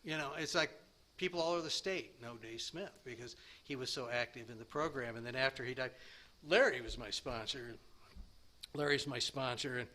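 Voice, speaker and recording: A man in his sixties sharing his recovery story at a meeting, rambling and self-deprecating, with halting restarts. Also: mid-range voice, bright, forceful tone. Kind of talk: personal recovery share.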